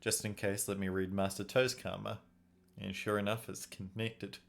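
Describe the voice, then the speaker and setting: A man hosting a let's play, musing aloud and reading game text in a low-key way. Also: flat delivery, normal speed, creaky. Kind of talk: casual game playthrough commentary.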